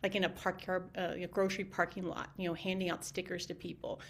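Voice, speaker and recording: A woman talking casually on a video call, telling animated stories full of quoted back-and-forth. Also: lowish voice, fast talker, gravelly, a little hiss or hum. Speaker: community team member and guest.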